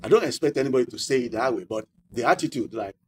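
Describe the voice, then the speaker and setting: Male pastor, mid-pitched, call-and-response preaching, faint background noise. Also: lively intonation, fast talker, darkish tone. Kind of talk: sermon.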